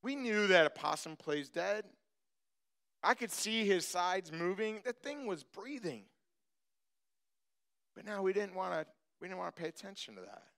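A male pastor preaches a sermon in church, telling a personal story from his childhood on a farm. His voice sits high and creaky, moving at a normal speed with long pauses. He tells it as a story and grows animated when acting it out.

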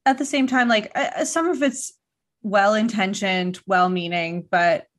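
A woman hosts a casual podcast conversation. She talks in a chatty, loose way, laughing often and dropping quick, joking asides between her points. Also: mid-range voice. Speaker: podcast host. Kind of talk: casual interview chat.

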